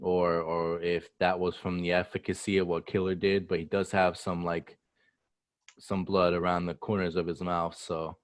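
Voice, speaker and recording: Low-voiced relaxed man. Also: moderate pace, no room sound, studio quality. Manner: relaxed, many fillers like "you know". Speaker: co-host. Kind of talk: casual chat.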